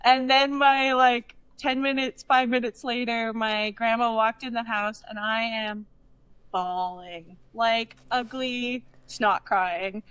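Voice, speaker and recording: A woman from Canada co-hosting a podcast, telling stories in a lively way with frequent laughter. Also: on the high side, takes it slowly, smooth, lo-fi sound. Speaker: podcast co-host. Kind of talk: casual chat.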